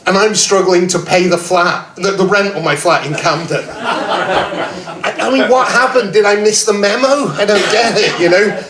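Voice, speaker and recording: Crowd noise surrounds this man in his fifties, a stand-up comedian with a high voice and a moderate pace. Performing a self-deprecating set in a pub comedy room, he quizzes the audience, and the roomy pub sound is recorded from a distance.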